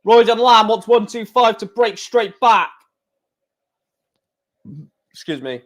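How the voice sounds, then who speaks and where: Excitable man reacting to live darts. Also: very high-pitched, measured pace. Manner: excitable, chatty, sings along with crowd chants. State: hiccuping. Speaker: live stream darts commentator. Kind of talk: casual live reaction commentary.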